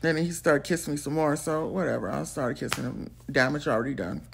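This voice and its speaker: A woman telling a storytime, blunt, profane and animated. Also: deep voice, quick pace, slight background noise. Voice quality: gravelly and husky. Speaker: storytime vlogger. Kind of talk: casual storytelling.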